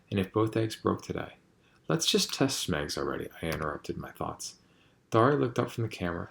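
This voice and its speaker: A man reading a novel aloud in a measured, quiet storytelling manner. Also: deep voice, vocal fry. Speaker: audiobook reader.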